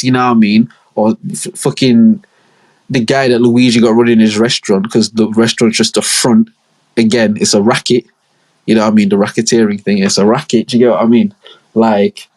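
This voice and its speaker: A young man with a husky, slightly breathy voice talks through a long story on his solo podcast. He rambles and swears and leans on street slang. His pitch sits mid-range for a man. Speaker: podcast host.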